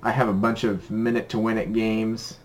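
A man's voice: lowish voice, flat delivery, moderate pace, a little hiss or hum. A young man co-hosting a podcast in casual chat, rambling and upbeat with many ums. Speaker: podcast co-host.

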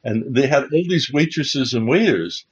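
Husky man telling a funny story. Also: medium pitch, moderate pace, lo-fi sound. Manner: animated, laughing while telling. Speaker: Bible teaching show host. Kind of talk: casual storytelling.

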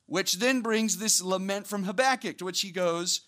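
A man preaching a sermon, walking through scripture with lively, casual asides and acted-out voices. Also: high-pitched, moderate pace, few pauses. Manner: animated, acts out voices of biblical figures with casual asides.

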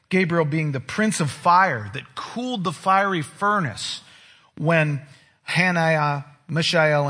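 A male pastor delivering an expressive, emphatic sermon, leaning on dramatic pauses. His voice is bright and husky and sits a little high for a man.

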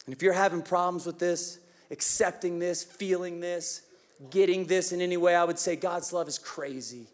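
A man preaching a Christmas sermon as pastor, telling a story with lively, animated delivery that drops to hushed tenderness. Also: high-pitched, normal speed.

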